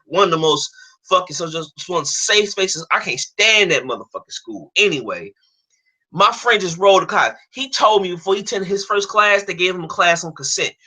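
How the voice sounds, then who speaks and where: A man's voice: on the high side, bright, forceful tone. A young American man on a stream, ranting heatedly with lots of profanity and many restarts and repeated words. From United States. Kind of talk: angry ranting monologue.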